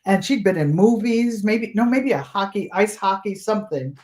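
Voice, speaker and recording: Older woman telling lively stories in an echoey room. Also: mid-range voice, moderate pace. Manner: animated storyteller, voices the people in her stories. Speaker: guest storyteller. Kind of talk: casual chat on a livestream. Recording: roomy echo.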